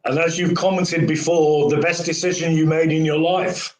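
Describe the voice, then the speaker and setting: A man's voice: fairly high pitch, level tone, normal speed. A male interviewer asking questions in a courteous, effusive manner. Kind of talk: conversational interview. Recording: echoey room.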